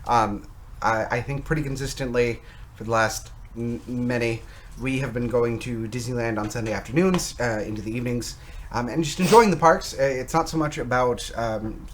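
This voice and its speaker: A man's voice: medium pitch, normal speed. A man co-hosting a podcast in casual chat, jokey and playful, with frequent fillers. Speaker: podcast co-host. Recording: faint background noise.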